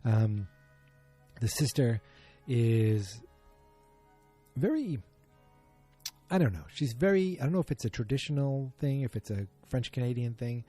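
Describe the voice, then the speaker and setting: A man with a husky, very dark and mellow voice talks through a TV episode as a podcast host. He rambles casually, stops to correct himself and fills gaps with ums. Faint music sits behind him. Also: medium pitch, normal speed. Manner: rambling, filler-heavy, self-correcting. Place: at home beside a muted streaming screen.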